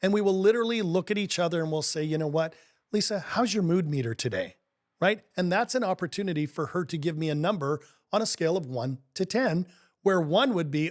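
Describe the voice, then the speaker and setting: A middle-aged man co-hosting a relationship coaching podcast, his voice sitting a little higher than most men's. He tells stories with upbeat emphasis and a casual, conversational flow. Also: lively intonation, brisk. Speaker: co-host, life coach.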